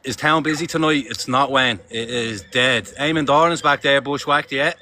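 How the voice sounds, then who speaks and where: A man's voice: fairly high pitch, steady tone, normal speed, few pauses, pushed and bright, a little hiss or hum. An Irish man chatting casually on a live stream from city streets, reading viewer comments aloud and swearing freely.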